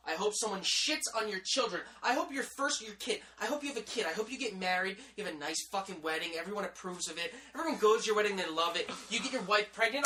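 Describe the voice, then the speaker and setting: A man's voice: sits high, expressive, quick pace, hardly any pauses, pushed and bright. A man in his thirties, co-hosting a podcast, delivering a vulgar, over-the-top comedic rant. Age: 30s. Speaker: podcast co-host.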